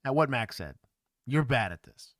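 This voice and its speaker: A former police officer hosting a livestream, reacting bluntly and casually to bodycam footage with laughs. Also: male voice, mid-range voice, very animated, normal speed, no room sound, clean studio sound.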